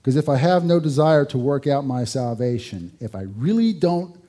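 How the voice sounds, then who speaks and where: A man's voice: medium pitch, expressive, normal speed, warm tone. A male pastor preaching a sermon in a conversational way, with rhetorical questions and dry humor.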